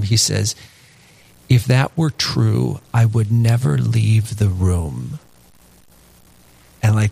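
A man, a Catholic priest, speaking earnestly and reflectively in a conversational faith discussion and telling a story with many asides. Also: medium pitch. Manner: earnest, reflective, tells stories with many "you know" asides.

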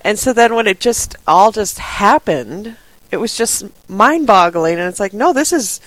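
A woman co-hosting a casual radio interview, enthusiastic with quick reactions. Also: mid-range voice, lively intonation, a bit bright, no echo, poor audio. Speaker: radio co-host.

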